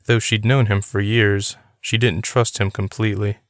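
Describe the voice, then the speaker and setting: A man reads an audiobook in a steady, unhurried way. His voice sits low and sounds smooth and clear. The recording is close and dry, with no room around it. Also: dry recording. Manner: steady, even reading. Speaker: audiobook reader. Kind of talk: audiobook narration.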